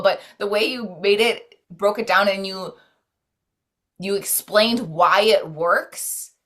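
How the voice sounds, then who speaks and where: A woman of medium pitch, with a fairly bright tone and measured pace, joins a podcast as a guest to talk about self-care and spirituality. The conversation is casual and earnest, and she rambles with many "like"s and restarts.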